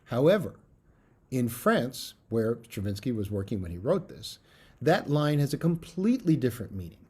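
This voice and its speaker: A middle-aged man giving a recorded music lecture as a bassoon professor, earnest and emphatic, with fillers. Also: very animated, moderate pace, a little mellow, husky.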